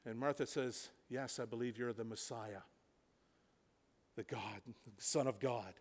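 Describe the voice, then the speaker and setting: Slow, storytelling male preacher in a hall. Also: mid-range voice. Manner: storytelling, swings from hushed to loud and emphatic. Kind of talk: sermon. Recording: reverberant hall.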